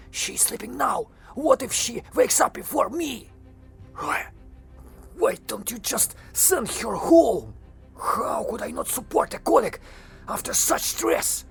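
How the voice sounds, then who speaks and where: A woman's voice: high voice, vocal fry, full character voice. A woman doing nervous young women, whispered role-play. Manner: hushed, nervous. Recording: faint music behind.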